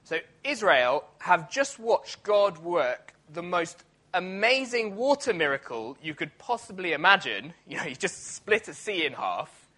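A man delivering a sermon in a relaxed, conversational way, full of small restarts and fillers. His voice sits a touch high for a man and sounds bright and forceful. He speaks from a church. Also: unhurried. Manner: conversational, many fillers and restarts, acts out quoted grumbling. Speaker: preacher.

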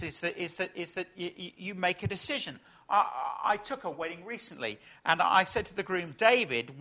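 A man's voice: fairly high pitch, bright, forceful tone. A man, an Anglican clergyman, preaching a sermon full of stories and rhetorical questions.

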